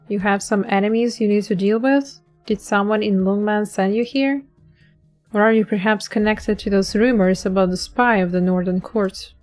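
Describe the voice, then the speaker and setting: A woman's voice: medium pitch, natural voice. A woman reading the part of a stern male detective who questions a suspect firmly. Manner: firm, interrogating.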